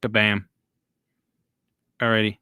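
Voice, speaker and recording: A man's voice: fairly low pitch, monotone, slow, pushed and bright, smooth, dry recording. Chatty man on a dry live stream. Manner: loose, chatty, reads and answers viewer comments. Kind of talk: casual live-stream chat.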